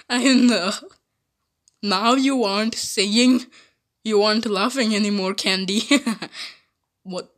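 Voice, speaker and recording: A woman playing through a mobile game while voicing bickering cartoon characters, often giggling. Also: mid-range voice. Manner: giggly, bickering, slow-spoken. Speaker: game video maker voicing her characters. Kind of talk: playful role-play over gameplay.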